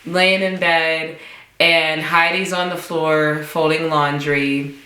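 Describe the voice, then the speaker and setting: A young woman tells a casual storytime vlog in a low, bright voice, slipping into high-pitched acted-out quotes. She speaks slowly and unhurriedly. The sound is echoey, as if recorded in a bare room. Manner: animated, acts out quoted dialogue with jumps in pitch. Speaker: vlogger.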